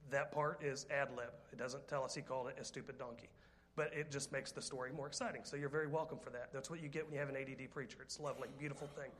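A man's voice: mid-range voice, quick pace. A man preaching a sermon, telling a story with jokes, rambling asides and direct questions to the congregation. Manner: lively, joking, rambling with asides.

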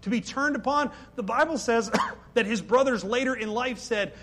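High-voiced preacher asking questions. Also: male voice, moderate pace, slight background noise. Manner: rhetorical questions to the congregation, bursts into loud pleading. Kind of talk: sermon.

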